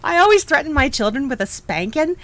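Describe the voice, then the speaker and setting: A woman's voice: high-pitched, very animated, fairly quick, a bit bright, no echo, low-quality recording. A middle-aged woman hosting a live knitting stream, chatting casually, reacting to viewers and laughing often. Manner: chatty, reacts to chat, frequent restarts and laughs.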